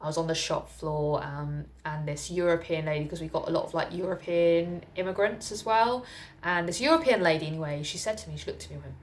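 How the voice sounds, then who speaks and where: A young woman from England talks candidly to her camera in a relaxed personal vlog. Her voice sits a little low for a woman, and she rambles, circling back with fillers before landing her point. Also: fairly quick. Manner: candid and chatty, with frequent fillers and laughs. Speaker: vlogger. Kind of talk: casual personal talk to camera.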